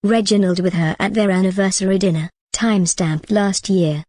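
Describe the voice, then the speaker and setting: A woman voicing a middle-aged betrayed wife who speaks steadily and softly. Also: medium pitch, moderate pace, no room sound, natural voice. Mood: steady. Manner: steady and soft.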